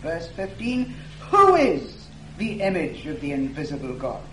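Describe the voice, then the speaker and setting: A man preaching an expository sermon, reading scripture aloud slowly and stressing key words for emphasis. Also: a little high, wildly swooping pitch, sharp tone. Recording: echoey room with faint hum.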